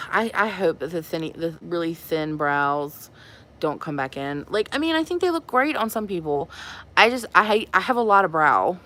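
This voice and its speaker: A woman's voice: fairly low pitch, animated, moderate pace, sharp tone. A woman hosting a makeup livestream, chatting casually and giggling as she answers her viewers. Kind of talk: casual live-stream chat with viewers.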